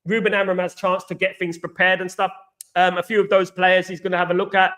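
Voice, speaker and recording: A high-voiced man from East London talks fast with a flat delivery and a slightly bright tone. Hosting a football fan live stream, he chats casually, repeats things, says "absolutely" a great deal and reads out viewer comments.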